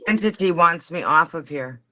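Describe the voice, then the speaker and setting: A man's voice: fairly high pitch, expressive, moderate pace, sharp tone, low-quality recording. A man joining a casual livestream chat who asks eager, chatty questions.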